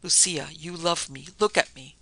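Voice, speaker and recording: A man's voice: fairly high pitch, normal speed, bright, forceful tone, full character voice. A man reading the lines of a loyal young man who talks insistently and fiercely.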